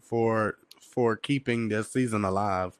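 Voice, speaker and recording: A man's voice: fairly low pitch, steady tone, unhurried, clear, resonant tone, dry recording. A man chatting casually as co-host, in a laid-back, agreeable way. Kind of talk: casual gossip chat.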